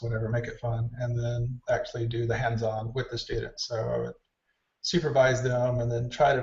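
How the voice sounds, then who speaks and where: A man telling backstage stories in an interview, acting out the voices of people he quotes. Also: medium pitch. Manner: animated storyteller, acts out quoted dialogue. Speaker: hair stylist guest. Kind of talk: casual storytelling interview. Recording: distant roomy mic, dull lo-fi sound.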